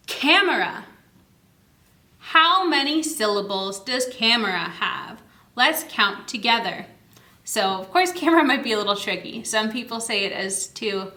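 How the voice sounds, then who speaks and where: A young woman, a children's librarian, explains reading games to parents in a cheerful way, sounding out words slowly and clearly while she demonstrates at a table. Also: on the high side, sharp tone. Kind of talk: instructional video for parents. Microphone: camera mic.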